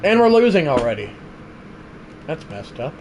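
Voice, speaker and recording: An excitable young man livestreaming a ball game, his fairly high voice leaping around as he shouts at big plays and then drops to a mutter. Faint room noise sits under his talk. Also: moderate pace. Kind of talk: live gameplay commentary.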